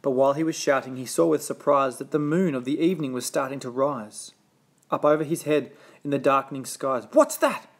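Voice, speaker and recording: A man's voice: medium pitch, steady tone, a little fast. A man reading a rhyming children's storybook aloud with a rhythmic, sing-song delivery.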